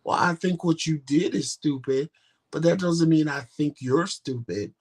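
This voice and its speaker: A man's voice: on the high side, a little slow. A man co-hosting a casual couple's chat show, talking directly and animatedly, acting out quoted back-and-forth dialogue. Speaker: co-host.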